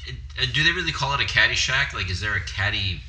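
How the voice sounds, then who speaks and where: A man with a strikingly bright tone, his pitch bouncing expressively as he poses playful, wry questions in casual movie talk. The recording has a roomy echo around him. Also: lively intonation, fast. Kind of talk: casual chat about a movie.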